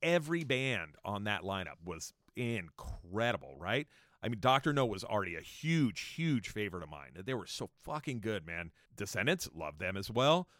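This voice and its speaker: A man in his fifties from Southern California, telling stories from his youth on a podcast in a casual, excited way, swearing often. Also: moderate pace, dry recording, clean studio sound. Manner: animated, swearing, jumps high when excited. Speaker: podcast storyteller. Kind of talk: casual storytelling monologue.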